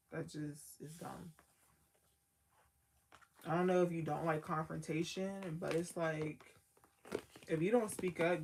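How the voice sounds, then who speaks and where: A woman's voice: low-pitched, vocal fry, noisy background. A woman giving a casual tarot card reading as the reader, talking in a loose, slangy way full of "like" and trailing thoughts.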